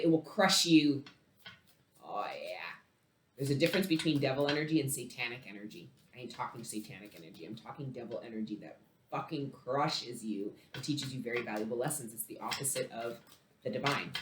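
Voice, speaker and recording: A woman giving a casual tarot reading, emphatic and swearing freely, with big swings between loud outbursts and low murmurs. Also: slight background noise. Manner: emphatic, heavy swearing, dramatic swings in loudness. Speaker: tarot reader. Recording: roomy echo.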